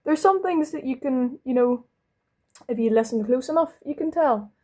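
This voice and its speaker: A young woman with a Belfast lilt chats casually through a makeup routine. Her voice sits a little high but sounds mellow and soft. She rambles, cuts herself off and drops the odd swear. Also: lively intonation, normal speed. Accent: Northern Irish, Belfast. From London. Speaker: vlogger. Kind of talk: casual chat while doing makeup.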